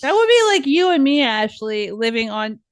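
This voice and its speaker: A woman's voice: on the high side, big pitch swings, moderate pace, clean tone, dry recording. A young woman co-hosting a podcast, chatting casually and filling her talk with "like" and "right?". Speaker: podcast co-host; teacher. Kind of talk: casual chat.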